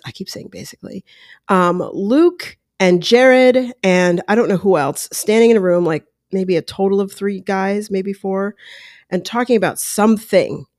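A woman's voice: medium pitch, darkish tone, dry recording. Chatty woman podcast host, dry sound. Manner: chatty, talks to listeners directly, acts out quotes. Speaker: podcast host, former reality show houseguest. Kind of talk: casual commentary.

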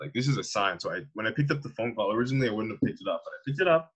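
Speaking very fast with a fairly low pitch and a breathy edge, this young Canadian man in his twenties guests on a casual conversational interview. A fitness coach, he tells stories in a slangy, animated way and laughs a lot, all on a lo-fi recording.

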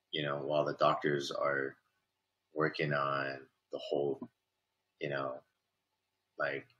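A man in casual conversation about faith, getting animated when retelling others' words. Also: rumbling low, rough recording. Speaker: church member guest. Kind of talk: casual chat.

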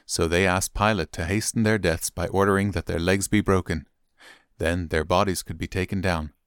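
Man, Bible reading, steady clear narration, very low voice, dry close sound. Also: dry recording. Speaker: Bible reader. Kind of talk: scripted scripture reading.

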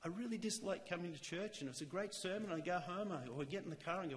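A man giving a sermon in a church, talking earnestly and conversationally, slowing down to stress key lines. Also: sits high, long reverb tail. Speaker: lay church speaker. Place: church chapel.

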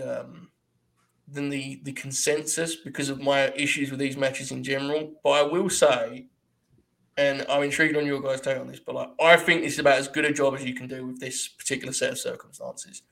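A man hosting a casual wrestling review podcast, animated and profane, laughing often as he talks. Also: medium pitch, brisk, vocal fry. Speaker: podcast host.

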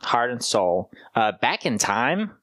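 A man's voice: mid-range voice, very animated, slow pace, fairly bright tone, dry recording, studio quality. A man hosting a casual podcast chat about music, rambling with many fillers and humming bits of songs. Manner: rambling, hums and sings song snippets. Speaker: podcast host.

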